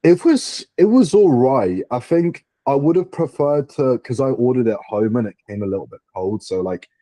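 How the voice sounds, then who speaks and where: A man's voice: mid-range voice, animated, normal speed, dark tone, no echo. A young man co-hosting a podcast, laid-back and chatty, laughing often and swearing casually. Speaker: podcast co-host. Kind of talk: casual chat.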